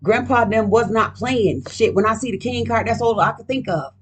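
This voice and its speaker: A woman's voice: fairly high pitch, lively intonation, brisk, husky. A woman doing a casual card reading at home, talking in a profane, emphatic, rambling way. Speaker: card reader.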